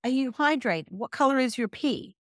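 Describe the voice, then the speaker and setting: A middle-aged woman who works as a health and wellness coach talks in a casual interview with a high voice at a moderate pace. She's animated, acting out quoted voices with sarcastic asides, and the studio-quality recording has no echo.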